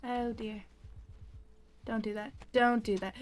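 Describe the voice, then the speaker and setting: A young woman talks her way through a video game in a relaxed, unhurried way. Her voice sits slightly high, and she's easily spooked, yelping and apologizing to the creatures around her. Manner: chatty, easily startled, squeals and apologizes to creatures. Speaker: gamer. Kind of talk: casual let's-play commentary.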